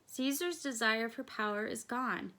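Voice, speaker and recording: A woman reading the part of an earnest male Roman senator and conspirator in a calm, plain way. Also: a little high, a little slow.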